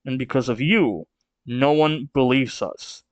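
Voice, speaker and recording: A man's voice: medium pitch, a little slow, no echo, muffled recording, natural voice. A man reading the lines of a proud giant king, grave and bitter. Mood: furious.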